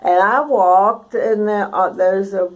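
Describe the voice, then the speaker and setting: A woman's voice: mid-range voice, takes it slowly, poor audio. A woman, telling a childhood story for an oral history recording in a folksy, chuckling way. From Texas.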